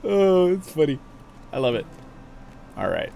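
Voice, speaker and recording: Male streamer talking through his game, playful and expressive, soft music under him. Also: fairly high pitch, creaky. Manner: chatty, playful, quick to laugh. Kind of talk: casual gameplay commentary.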